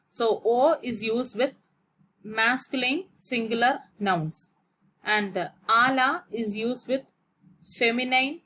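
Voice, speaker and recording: Slow, careful woman teaching grammar. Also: a little high, sharp tone, slight background noise. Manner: slow, explains step by step and spells out letters. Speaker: French teacher. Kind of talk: grammar lesson.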